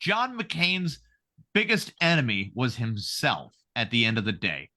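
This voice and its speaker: A man, hosting a podcast in casual political chat, animated and profane, acting out voices as he tells stories. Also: mid-range voice, a little slow. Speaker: podcast host.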